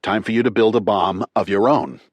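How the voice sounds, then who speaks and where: A man with a Chicago accent voicing a calm, wry male explosives expert who speaks in a steady, instructive way. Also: lowish voice, fairly quick, no room sound, lightly acted. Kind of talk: audiobook character reading.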